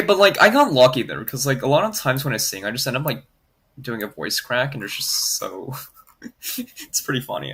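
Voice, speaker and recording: A man streams in a casual, rambling way, leaning on fillers and reading out comments as he goes. His voice swings widely in pitch and has a gravelly fry. The tone is bright with a husky grain. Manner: rambling, heavy on "like" fillers, reads chat aloud. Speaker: streamer graphing in Desmos. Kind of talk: casual livestream chat.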